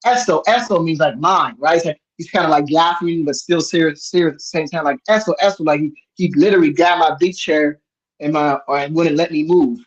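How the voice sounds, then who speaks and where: Man, fairly high voice, rambling and animated storyteller, dull lo-fi sound. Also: brisk. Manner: rambling, animated, many restarts. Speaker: host. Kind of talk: casual storytelling chat.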